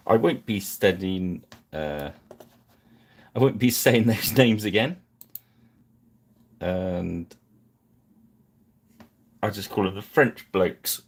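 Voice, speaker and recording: A man's voice: sits low, measured pace, pauses often, slightly rough. A man hosting a live painting stream, chatting casually and apologizing with self-deprecating asides.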